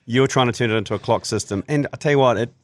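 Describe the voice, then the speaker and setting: A man's voice: medium pitch, very fast. A man co-hosting a sports podcast, trading teasing banter. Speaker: podcast co-host. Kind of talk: casual sports chat.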